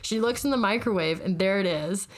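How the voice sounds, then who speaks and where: A woman's voice: mid-range voice, a little fast. A woman in her thirties, co-hosting a podcast, telling a funny story in casual chat and laughing as she goes. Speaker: podcast co-host.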